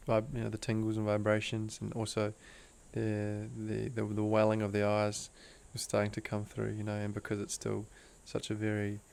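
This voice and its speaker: Speaking as a guest, an Australian breathwork teacher shares a casual but earnest personal story, relaxed slang throughout and the host called "bro," his emotion pulling him into soft, hushed tones. His fairly low, creaky voice is completely flat and clean-toned, at a moderate pace with hardly any pauses.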